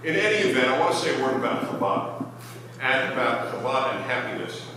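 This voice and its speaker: A man giving a humorous lecture as guest speaker, telling jokes in an animated way. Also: mid-range voice, brisk. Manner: joking storyteller, animated. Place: large hall with audience. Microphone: microphone, later unamplified. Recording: echoey hall with background noise.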